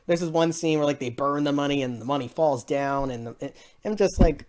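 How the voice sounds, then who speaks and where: A woman's voice: deep voice, fairly quick, a little mellow. A woman giving a casual spoken movie review, rambling and exasperated, laughing often between her points.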